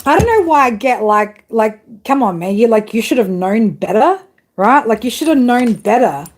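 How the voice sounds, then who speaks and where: A woman's voice: a little high, expressive, normal speed, slight background noise. A woman doing a casual live tarot reading, chatty and full of swearing, calling her viewers girl and babe. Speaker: tarot reader.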